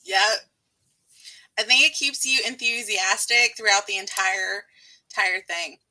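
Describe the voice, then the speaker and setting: A woman's voice: medium pitch, unhurried, pushed and bright, low-quality recording. A woman with a light Southern US accent hosting a casual writing live stream, bubbly and laughing often.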